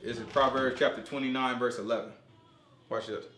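A man preaching an informal sermon in slangy, animated talk, acting out voices as he goes. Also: medium pitch, brisk. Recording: echoey room.

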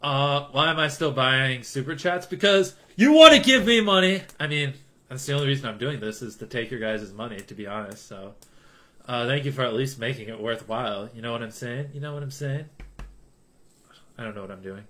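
A young man chatting loosely on a live stream, rambling and joking as he reads out donations. His voice is bright and forward, sitting in a middle range for a man. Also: medium pitch, brisk. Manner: rambling, jokey, reading chat donations aloud. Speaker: livestreamer.

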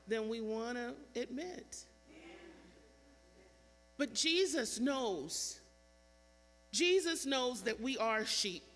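A woman pastor preaching a sermon, emphatic and repetitive, with dramatic pauses. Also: high-pitched, sharp tone. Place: church sanctuary. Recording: church hall reverb, mains hum.

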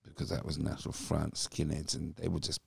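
A man's voice: very deep voice, little pitch movement, brisk, gravelly, darkish tone, slightly rough, dry recording, studio quality. A British man in his fifties, a former footballer, guest on a podcast, telling his story animatedly and acting out what people said. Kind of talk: storytelling interview.

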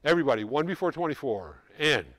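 A man coaching a high school band in rehearsal, giving quick instructions and singing rhythms to show how they go. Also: sing-song. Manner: brisk, sings rhythms to demonstrate. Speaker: band clinician. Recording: music in the background. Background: band playing.

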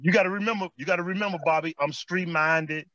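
A man's voice: high voice, quick pace, no room sound, highs cut off. A man with a Chicago accent, a former basketball player telling stories in an interview, repeating his phrases and saying "man" a lot. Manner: animated street storytelling, repeats phrases and says "man" often. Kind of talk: storytelling interview chat.

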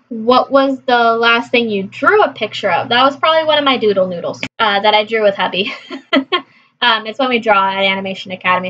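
A woman from California chatting casually through a list of questions, answering briskly with frequent laughs. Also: fairly high pitch, a bit bright, muffled recording. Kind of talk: casual chat.

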